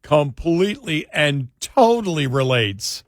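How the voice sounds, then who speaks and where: On an overnight radio talk show, a man with a slightly high, very animated voice reads a list and trades jokes, generally slowly but quickening when annoyed. The radio studio recording is dry and studio-quality, made with a studio microphone.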